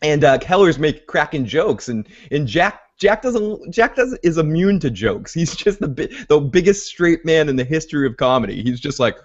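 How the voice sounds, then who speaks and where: A man hosting a casual TV recap podcast, talking in an animated way, often laughing and mimicking characters. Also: fairly high pitch, moderate pace, few pauses, muffled recording. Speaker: podcast host.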